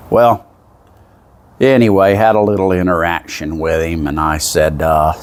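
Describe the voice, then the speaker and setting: A man's voice: deep voice, level tone, moderate pace. A man with a Southern US accent telling a folksy, meandering story in a casual monologue, full of asides. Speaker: vlogger.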